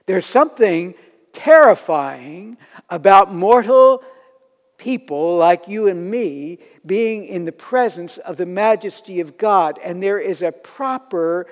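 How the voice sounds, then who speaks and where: A man preaching a sermon in an earnest way, building to loud emphatic peaks. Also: high voice, expressive, slow pace, long reverb tail.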